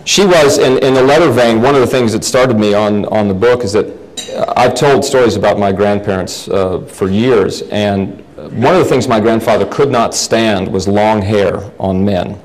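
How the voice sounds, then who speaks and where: A man's voice: fairly low pitch, normal speed, poor audio. A middle-aged man from the United States giving a lecture, telling family anecdotes with wry humor and frequent restarts. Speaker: guest lecturer.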